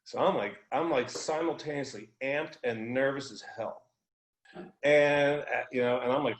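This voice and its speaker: An American man telling a story in a loose, animated way, with casual slang and swearing. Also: medium pitch, normal speed, roomy sound, low-quality recording. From United States. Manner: animated, informal, profane. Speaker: guest.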